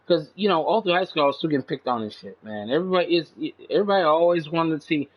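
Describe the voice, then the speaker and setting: With barely a pause, a high-voiced channel host races through a casual, swear-filled ramble peppered with "man." Indignation makes his pitch leap sharply, all captured on a dull, lo-fi recording.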